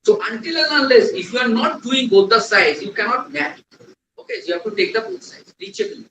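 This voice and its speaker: A man's voice: very high voice, very animated, a little fast, pushed and bright, a little hiss or hum. A man teaching a technical class, quizzing the room and repeating key points. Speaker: trainer. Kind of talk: classroom lecture. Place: lecture hall. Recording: echoey room, distant mic.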